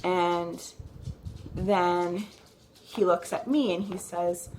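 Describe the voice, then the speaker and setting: A woman's voice: lowish voice, fairly even intonation, very slow, pauses often, darkish tone, slight background noise. A woman vlogging, telling a personal story to the camera in a casual, rambling way, full of "like" and restarted sentences. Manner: chatty, fills with "like", restarts sentences. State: recounting a nervous, upsetting visit.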